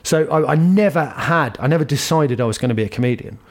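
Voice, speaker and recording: A man, a comedian telling lively anecdotes with laughs in a casual interview. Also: medium pitch, fast talker. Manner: animated, anecdotal, laughs while telling stories. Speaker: guest comedian.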